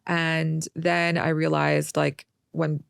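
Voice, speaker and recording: A woman's voice: low voice, little pitch movement, slow, creaky, smooth, no echo, clean studio sound. A young woman chatting as a podcast guest, telling stories and acting out quoted voices. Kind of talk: casual interview talk.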